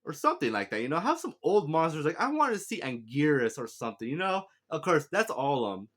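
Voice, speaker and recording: A man's voice: fairly high pitch, very animated, fairly quick, a bit bright. A man giving a casual, rambling spoken movie review, often laughing and correcting himself.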